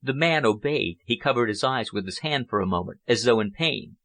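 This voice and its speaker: A man reading a novel aloud as an audiobook narrator, in a steady, measured manner. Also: medium pitch. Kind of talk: scripted narration.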